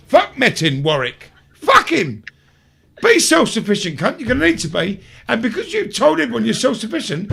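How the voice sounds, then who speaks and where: Gravelly swearing man ranting. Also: wildly swooping pitch, normal speed, bright, forceful tone. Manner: swears constantly, swings into high mocking voices. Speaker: show host. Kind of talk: sweary rant on a live stream.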